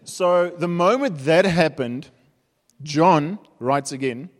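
South African preacher in an echoing hall. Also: male voice, fairly high pitch, slow pace. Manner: conversational, humorous storytelling. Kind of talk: sermon. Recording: reverberant hall.

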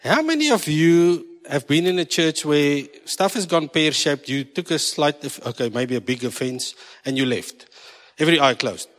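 A South African pastor preaches to his congregation with a slightly high voice, teasing them and mixing in Afrikaans asides. His voice carries a long echo around the church hall. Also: lively intonation, moderate pace, a bit bright. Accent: South African English. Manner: jokey, switching between English and Afrikaans. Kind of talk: sermon.

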